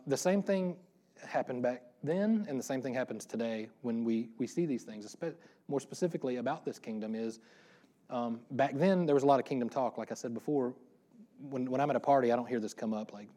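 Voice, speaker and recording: Man, middle-aged, pastor, casual sermon, rapid delivery, self-deprecating asides. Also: medium pitch, mellow. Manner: fast-talking, self-deprecating, joking asides.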